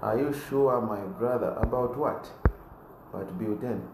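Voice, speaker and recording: Man, live-stream politician type, animated, laughs a lot, echoey room, faint hiss behind. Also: mid-range voice, measured pace. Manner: animated, laughs often, gets loud when fired up. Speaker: aspiring politician answering viewer comments. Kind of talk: live-stream chat reading comments.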